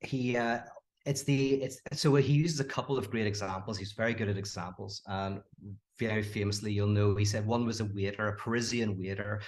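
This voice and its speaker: A man talking in a casual podcast conversation as a philosopher guest, animated, often laughing and restarting his sentences. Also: medium pitch.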